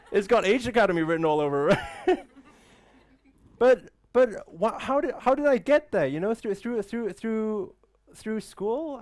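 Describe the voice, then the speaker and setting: High-pitched and darkish in tone, a man gives a live motivational speech to an event-room audience. He keeps asking rhetorical questions and repeating "right?"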